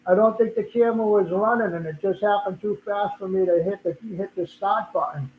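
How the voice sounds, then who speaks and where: A man's voice: high-pitched, fairly quick, a little hiss or hum. An older man with a Boston accent, hosting a casual live stream and chatting in a rambling way, often restarting his sentences. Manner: rambling, repeats and restarts words. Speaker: livestream host. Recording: echoey room, tinny phone-like sound.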